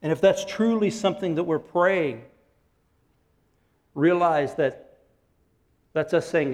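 Animated male pastor in a reverberant hall. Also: a little high, slow, long pauses. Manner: animated, acts out quotes and laughs often. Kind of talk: sermon.

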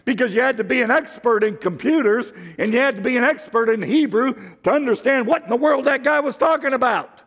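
A man preaching a sermon, slow and deliberate, swinging from emphatic highs to hushed lows. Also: long reverb tail. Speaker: pastor.

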